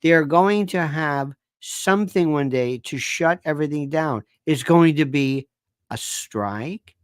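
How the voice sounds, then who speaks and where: A man's voice: on the high side, a little slow, smooth, no room sound, studio quality. A man from Tampa, Florida, hosting a live commentary show, lecturing in a pedantic, sarcastic way. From Tampa, Florida, USA. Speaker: show host.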